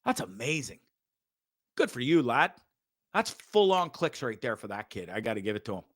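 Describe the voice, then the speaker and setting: A man's voice: medium pitch, big pitch swings, moderate pace, fairly bright tone, dry recording, studio quality. A man hosting a show, casually commenting on videos with frequent swearing, stammered repeats and laughter. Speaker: show host.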